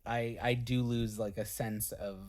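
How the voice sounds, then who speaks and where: A man's voice: medium pitch, fairly even intonation, darkish tone. A man, a band member on a casual podcast, telling stories in a joking, self-deprecating way with lots of fillers. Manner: self-deprecating, quick jokes, filler-heavy.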